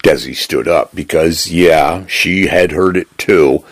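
A man with a gravelly voice reading a story aloud in measured narration. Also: sits low, dry recording. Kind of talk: scripted narration.

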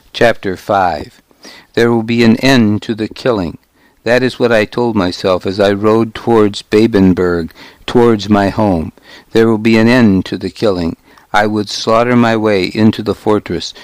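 A man narrating a historical novel in the first person, in a measured, grave storytelling manner. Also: on the low side, dry recording. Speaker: audiobook narrator.

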